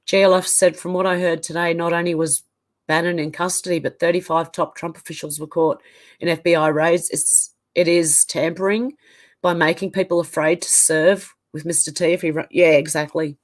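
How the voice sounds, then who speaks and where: Reading out chat comments on her casual livestream, an Australian woman reacts to them in a conversational way. She has a lowish voice with a flat delivery and keeps a moderate pace.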